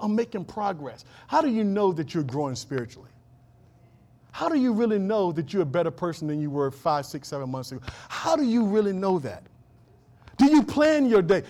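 A middle-aged pastor preaching a sermon in a folksy way, with laughing asides and questions to the congregation. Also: male voice, high voice.

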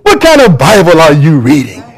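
High-voiced emphatic preacher man. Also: expressive, normal speed. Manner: emphatic preaching with call-and-response. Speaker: pastor. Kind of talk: sermon. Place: church before a congregation.

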